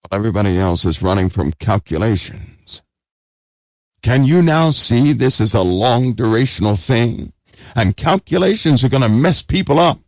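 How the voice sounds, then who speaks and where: A man's voice: mid-range voice, big pitch swings, moderate pace, dry recording, studio quality. A man preaching an urgent sermon, exhorting listeners and repeating phrases for emphasis.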